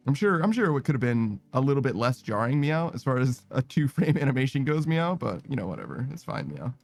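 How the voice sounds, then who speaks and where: A young man streaming a game, chatting casually and rambling, ending nearly every phrase with a quick "meow" and swearing now and then. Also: medium pitch, big pitch swings, vocal fry, faint music behind. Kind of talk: casual gaming stream chat.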